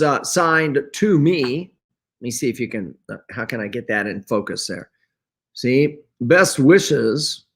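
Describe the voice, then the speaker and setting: A man hosting his own video show from home, talking slowly and loosely while he shows papers and photos to the camera, often clearing his throat. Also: fairly high pitch, a bit bright. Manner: slow and rambling, frequent throat clearing and fillers. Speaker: host. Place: at home, items on his wall.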